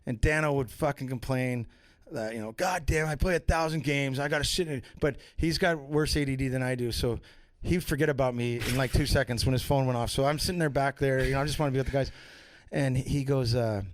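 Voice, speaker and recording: A man's voice: medium pitch, fairly even intonation, a little fast, few pauses, dry recording. A man on a podcast, telling rambling, profane stories in a casual way and switching voices for the people he quotes. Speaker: podcast guest. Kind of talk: casual storytelling.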